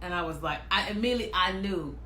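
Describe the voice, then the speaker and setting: A woman chatting casually and telling personal stories, animated and quick to act out what other people said. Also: fairly low pitch, roomy sound, a little hiss or hum. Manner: animated, acts out quoted voices, laughs often. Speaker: speaker sharing personal stories. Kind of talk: casual storytelling monologue.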